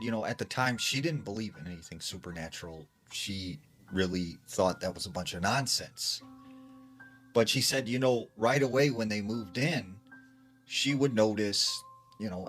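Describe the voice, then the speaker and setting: A man's voice: fairly low pitch, fairly bright tone. A man casually retelling a true scary story, talking in a loose, conversational way full of "like" and "you know.".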